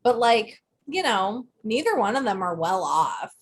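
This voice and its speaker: A woman co-hosting a podcast in casual chat, telling stories in a chatty, animated way. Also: medium pitch, a little slow, a little hiss or hum. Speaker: podcast co-host.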